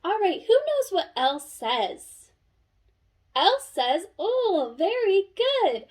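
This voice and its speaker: A young woman teaching a phonics lesson, sounding out letters slowly and praising an imagined class. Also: very high-pitched, sing-song. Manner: slow, sing-song classroom praise and sounding out.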